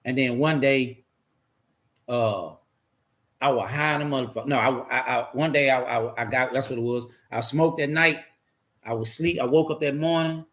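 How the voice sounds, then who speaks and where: A man's voice: mid-range voice, normal speed, fairly bright tone. A man candidly telling his life story in a rambling, profane way, repeating himself as he goes.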